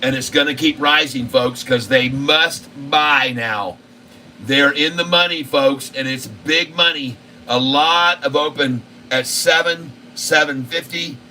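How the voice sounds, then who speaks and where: A man hosting a live stock market show, pressing his point again and again and reeling off long runs of price figures. His voice is bright and forward. He sits back from the mic, with a faint air conditioning hum underneath. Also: medium pitch, distant mic. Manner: insistent and repetitive, rattling off price lists. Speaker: channel host.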